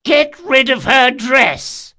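A man voicing a cruel, gleeful old man who shouts slow orders across an arena in an audiobook. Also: extremely high pitch, voice pushed up, heavily acted. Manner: loud, slow, relishing shouts.

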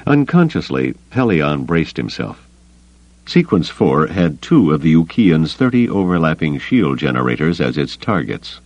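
A man narrating an audiobook in a steady, even storytelling manner. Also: extremely low pitch, unhurried, no echo. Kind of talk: scripted narration.

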